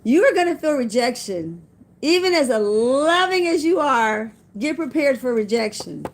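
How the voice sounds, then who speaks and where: High-voiced middle-aged woman, folksy preaching. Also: big pitch swings, normal speed. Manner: folksy, preachy, repeats phrases for emphasis. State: tearful at times. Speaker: vlogger. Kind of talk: casual spiritual talk with scripture.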